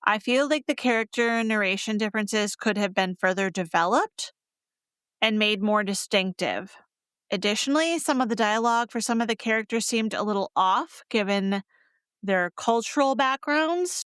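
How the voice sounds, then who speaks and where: Her mid-range, slightly bright voice has a clear, resonant tone and moves at a normal speed as she chats casually and laughs freely. She's a North Carolina woman co-hosting a podcast that reviews romance novels, recorded dry with clean studio sound.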